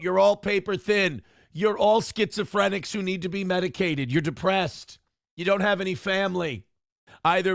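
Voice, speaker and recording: A man's voice: sits high, gravelly, fairly bright tone, no room sound, studio quality. A man hosting a livestream, ranting combatively and sarcastically at his critics, mocking their voices. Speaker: livestream host.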